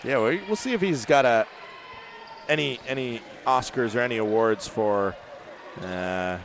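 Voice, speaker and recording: A man doing play-by-play commentary for a basketball game, rising to shouts on big plays, with faint court noise behind him. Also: mid-range voice, measured pace. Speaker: play-by-play announcer. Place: arena broadcast booth.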